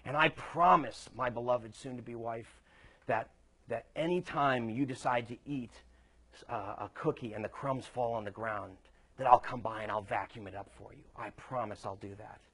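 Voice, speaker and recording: A man playing a young groom who earnestly recites his wedding vows in a soft voice. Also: medium pitch, normal speed, voice pushed down, lightly acted. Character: adoring young groom, calm and self-satisfied.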